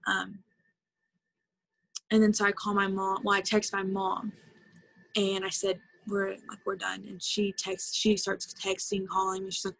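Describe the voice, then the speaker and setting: Creaky-voiced young woman telling a story. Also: medium pitch, monotone, measured pace, fairly bright tone, no echo, rough recording. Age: 20s. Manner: chatty, lots of fillers, emotional retelling. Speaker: interview guest, former college softball player. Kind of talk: casual storytelling interview.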